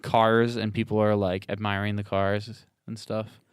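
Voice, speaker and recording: A man's voice: lowish voice, level tone, a little slow, smooth, no room sound, studio quality. A man co-hosting a podcast, recapping a film in a rambling, casual way with lots of fillers. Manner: rambling, filler-heavy recap with playful quoted voices. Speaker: podcast co-host. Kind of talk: casual movie recap chat.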